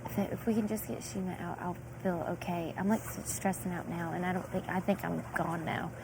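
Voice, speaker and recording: A woman's voice: lowish voice, a little fast, creaky. A young woman, a reality show contestant, talking in casual gossip and acting out what others said with lots of "like". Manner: animated, acts out quotes with filler "like". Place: indoor house. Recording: noisy room feed.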